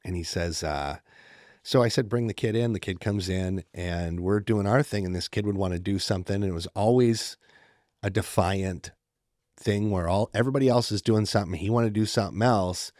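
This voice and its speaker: A man's voice: lowish voice, moderate pace, no room sound, clean studio sound. A middle-aged man co-hosting a podcast, telling a story in casual chat and acting out the quoted lines. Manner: animated storyteller who acts out the quoted lines. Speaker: podcast co-host.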